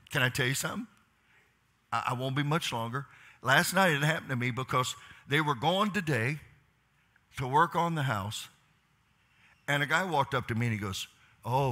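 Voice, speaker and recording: In church, a middle-aged pastor with a mid-range voice gives a talk on leadership, posing questions to the crowd and shifting between quiet asides and loud urging.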